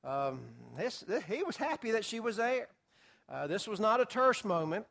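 A man's voice: high voice, sing-song, normal speed, fairly bright tone. A man teaching a Bible study class to a group, talking casually with filler words and acting out quotes. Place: classroom or church hall with a group.

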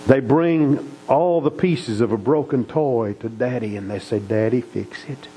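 A man's voice: medium pitch, warm tone, a little hiss or hum, poor audio. A middle-aged man preaching, telling family stories in a folksy, earnest way. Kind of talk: sermon storytelling.

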